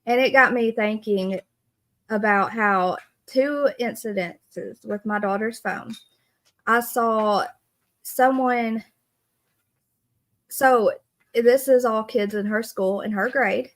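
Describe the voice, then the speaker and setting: A woman's voice: a little high, slow, long pauses. A woman, hosting a casual live stream and earnestly greeting viewers by name. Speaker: livestream host.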